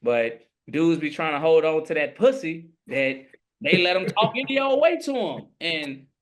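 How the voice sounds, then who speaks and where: A man's voice: on the high side, lively intonation, moderate pace, a bit bright. A man on a discussion panel, talking emphatically and repeating his points.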